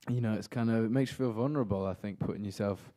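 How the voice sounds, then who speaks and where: A young man answering questions at a press conference, thoughtful and measured, his sentences trailing off softly. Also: on the low side.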